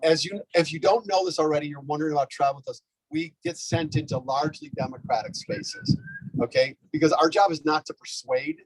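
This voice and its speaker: A man giving a lively, conversational speech to a live audience at a community organizing event, often checking in with "okay?" and "right?". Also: fairly high pitch, a little fast, husky, dry recording, low-quality recording. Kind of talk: energetic storytelling speech.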